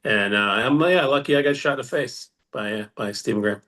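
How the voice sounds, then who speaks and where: Guy rambling thru a story, chuckling a lot, middle pitched. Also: a little fast, sharp tone. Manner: laughs while telling stories, rambling asides. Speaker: guest. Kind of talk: casual storytelling.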